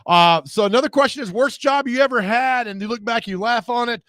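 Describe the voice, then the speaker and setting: A man's voice: very high-pitched, a little fast, fairly bright tone, dry recording, clean studio sound. A man hosting a radio show, telling rambling, jokey stories in casual chat.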